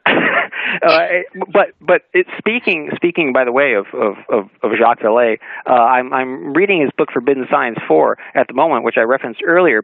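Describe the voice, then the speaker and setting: A man, an author guest on a radio talk show, telling an anecdote in a lively way, acting out dialogue and laughing often. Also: medium pitch, dry recording. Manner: animated storyteller, acts out dialogue, laughs often. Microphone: phone call-in. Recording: narrowband phone line, dry.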